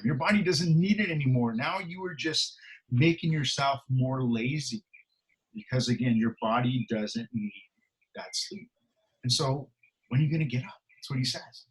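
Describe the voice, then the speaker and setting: A man's voice: mid-range voice, poor audio. A middle-aged male pastor giving a conversational sermon, earnest and emphatic, with frequent fillers and restarts.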